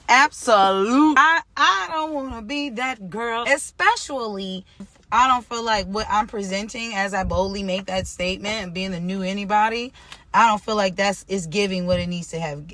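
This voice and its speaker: Woman, storytime vlog, animated, loud exclamations, quiet near-tearful murmurs. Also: medium pitch. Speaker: singer-songwriter.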